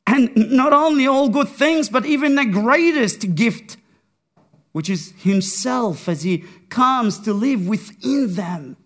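A man preaching a sermon, with a slow, dramatic delivery that swings from hushed to raised. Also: very high-pitched, lively intonation.

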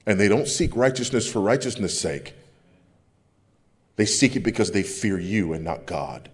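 Pastor, male, big low voice, emphatic repetition, sermon delivery. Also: lively intonation, normal speed. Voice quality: big deep voice. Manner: emphatic, repeats phrases for effect.

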